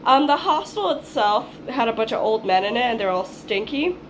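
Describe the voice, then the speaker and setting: A woman's voice: on the high side, animated, moderate pace, slight background noise. Chatty, swearing young woman telling a story. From Hawaii. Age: 20s. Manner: rambling, swears freely, acts out her own past lines. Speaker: vlogger. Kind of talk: casual storytime monologue.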